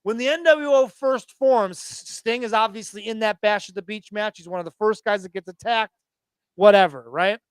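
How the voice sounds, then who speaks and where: Male podcast co-host, 30s, high voice, dry close mic, animated swearing fan storyteller. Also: moderate pace, smooth, dry recording. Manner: excited, profane storytelling. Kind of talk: casual wrestling chat.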